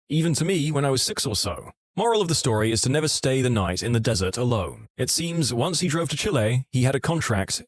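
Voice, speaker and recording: A man narrating online stories in a steady, scripted storytelling delivery. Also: mid-range voice, dry recording, studio quality.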